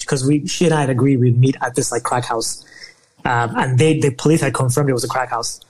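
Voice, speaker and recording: A young man from Nigeria, a podcast guest telling a long story in casual interview talk, animated and often laughing. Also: mid-range voice, normal speed, poor audio.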